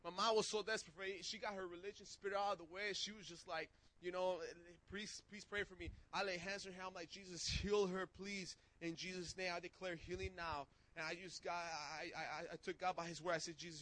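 A man preaching a sermon and telling testimony stories in casual slang, getting excited and shouting as he goes. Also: high voice, no echo, rough recording. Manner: excitable, shouts when worked up; casual street slang, restarts.

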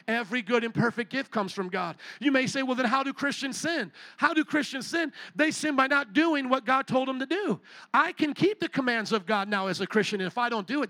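A man's voice: very high voice, pushed and bright, dry recording. A male pastor preaching a sermon from a stage with a handheld microphone, fervently firing rhetorical questions at the congregation. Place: stage in a large building.

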